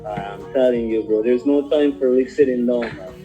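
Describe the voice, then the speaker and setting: A man's voice: mid-range voice, normal speed, dull audio, over music. A man from Jamaica with a Jamaican accent, calling in to a podcast and chatting in an easygoing, polite, slightly hesitant way. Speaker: caller. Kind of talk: casual call-in chat. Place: Toronto, Canada.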